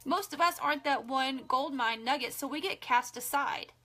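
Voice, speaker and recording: High-voiced chatty woman. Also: normal speed, sharp tone. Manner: chatty and emphatic, frequent "like" and restarts. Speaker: social media coach. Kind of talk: casual live video talk.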